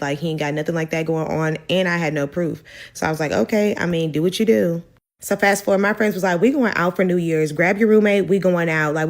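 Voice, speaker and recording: A woman, telling a personal story in casual storytime style, animated and slangy, acting out what others said. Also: sits low. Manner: animated, slangy, cursing, acts out quotes.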